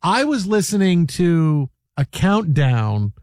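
Animated high-voiced male radio host. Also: no echo, clean studio sound. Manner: playful, laughing, animated, does quick impressions. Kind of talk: casual sports radio banter.

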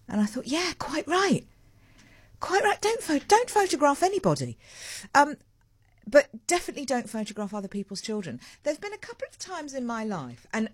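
Chatty woman radio host. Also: on the low side. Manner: chatty, digressive, animated asides. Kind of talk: live morning radio talk. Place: radio studio. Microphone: studio microphone.

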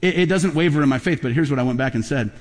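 Speaking rapid-fire in a slightly high voice, a middle-aged man delivers a sermon as pastor. He tells stories and climbs to emphatic, loud peaks while a long hall reverb trails his words.

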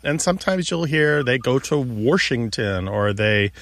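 A man's voice: mid-range voice, lively intonation, moderate pace, gravelly, fairly bright tone, dry recording. Man, radio co-host, explanatory, casual chat, dry close mic. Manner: explanatory, lecturing on linguistics.

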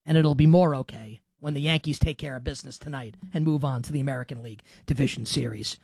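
Animated sports podcast host, dry sound. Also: male voice, mid-range voice, fast talker, husky, no echo. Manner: animated, rambling, frequent "like" fillers. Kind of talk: casual sports talk show.

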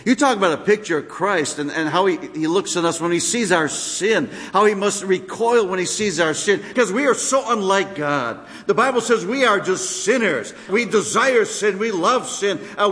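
A man preaching a sermon as pastor, animated, with sudden drops into quiet, personal asides. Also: high-pitched. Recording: long hall reverb.

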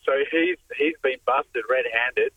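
A man calling in to a radio show, telling a story haltingly with many fillers. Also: medium pitch, slightly rough, no echo, narrow, tinny audio. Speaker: radio caller. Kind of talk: casual storytelling on the phone.

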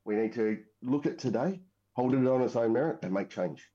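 This man's medium-pitched voice is mellow, expressive and fairly quick as he rambles through a long story in a casual interview. He is a military veteran from Western Australia with an Australian accent, and his speech is full of fillers and restarts. Dull lo-fi audio.

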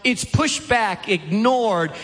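A male preacher with a high, lively voice delivers an emphatic sermon full of rhetorical questions and hammering refrains. His voice rings out with a long reverb from a large hall. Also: slow.

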